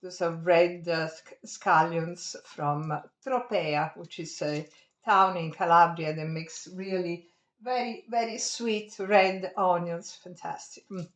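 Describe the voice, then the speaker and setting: A woman's voice: fairly low pitch, steady tone, takes it slowly, fairly bright tone, echoey room. A woman with an Italian accent giving a cooking demonstration at home, chatty and digressive, laughing often. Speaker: home cook.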